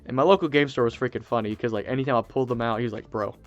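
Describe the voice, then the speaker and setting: Male host, mid pitch, chatty and excitable, rambling storyteller; faint music underneath. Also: very fast, lo-fi sound. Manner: excitable, rambling, many fillers and restarts. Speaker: channel host. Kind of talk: casual storytelling to camera.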